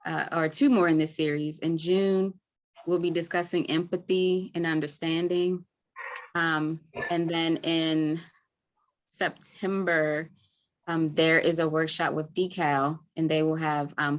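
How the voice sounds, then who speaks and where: A woman with a Baltimore accent hosting a live webinar over a video call, chatty and friendly with many ums. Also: low voice. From Maryland, US. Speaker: webinar host, community health worker.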